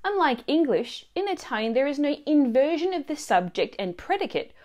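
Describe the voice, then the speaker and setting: A woman narrating a scripted language lesson in a clear, expressive teaching manner. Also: high voice, moderate pace. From Australia.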